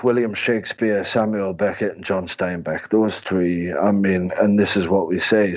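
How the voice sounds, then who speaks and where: A man's voice: sits low, darkish tone, muffled recording. A man in his twenties with a Northeast English accent, a comedian guest chatting in a rambling, jokey, self-deprecating way. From Northeast England. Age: 20s. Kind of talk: casual interview chat.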